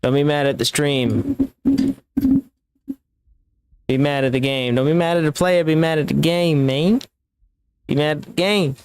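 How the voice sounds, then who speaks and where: A man's voice: a little high, measured pace, long pauses, darkish tone, slight background noise. A man giving live gameplay commentary as a streamer, talking back at the game with profane, reactive trash talk.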